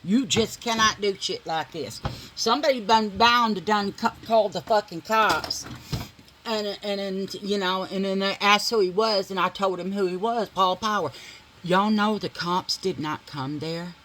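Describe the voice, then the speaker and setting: A woman's voice: mid-range voice, steady tone, normal speed, fairly bright tone, a little hiss or hum, rough recording. A middle-aged woman vlogger telling a dramatic story while doing her makeup, blunt and full of swearing.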